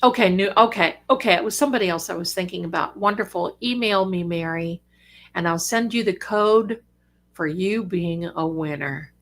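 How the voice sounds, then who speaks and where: This is an older woman chatting on her own live stream. She is fond of her viewers and calls them darlings, and now and then she gets excited. Her voice sits a little low. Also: normal speed. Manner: bursts of lively excitement. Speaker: psychic livestream host. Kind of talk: casual live-stream chat.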